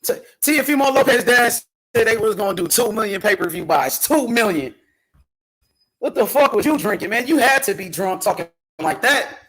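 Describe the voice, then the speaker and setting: Very high-voiced man talking trash. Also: expressive, moderate pace, husky. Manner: loud, profane trash talk. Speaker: host. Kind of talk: casual boxing talk stream.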